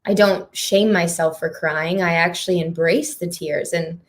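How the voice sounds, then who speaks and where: A woman's voice: lowish voice, fairly even intonation, unhurried. A woman moderating a live panel conversation on stage. She speaks in an earnest, heartfelt way and laughs often. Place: performing arts centre stage.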